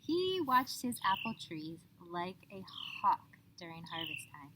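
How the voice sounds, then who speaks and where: A woman telling a children's story outdoors in an expressive, drawn-out storybook manner. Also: fairly low pitch. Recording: outdoor noise with birdsong.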